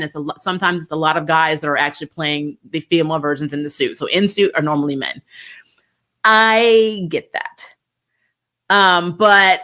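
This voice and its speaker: A young adult woman giving a casual review, animated and laughing often as she mimics voices. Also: fairly low pitch. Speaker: show reviewer.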